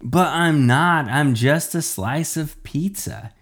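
A man's voice: on the high side, slow, fairly bright tone, pitched above the performer's own voice, full character voice. A man voicing a young boy who is a living slice of pizza, eager and worried, in a storybook reading. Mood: glum.

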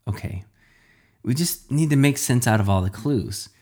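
A man voicing a calm, practical girl sidekick in a storybook reading. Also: medium pitch, moderate pace, natural voice.

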